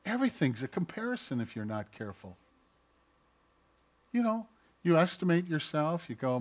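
A man preaching a sermon, swinging from loud mocking outbursts to quiet asides and acting out quoted voices. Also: on the high side, very animated, normal speed. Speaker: pastor.

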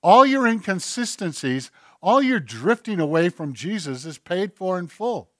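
A man in his pulpit preaching, his voice sitting a touch high for a man. He dips to near-whispers and swells back up to emphatic points. The sound is dry and close, with no room echo. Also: very animated, a little slow. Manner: swings between hushed and emphatic, acts out God's voice. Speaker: pastor. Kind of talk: sermon.

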